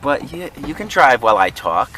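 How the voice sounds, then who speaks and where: A man's voice: medium pitch, sing-song, moderate pace, crowd noise. A man vlogging casually from a car, joking, laughing often and mimicking friends in silly voices. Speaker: reseller vlogger. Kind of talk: casual car vlog chat.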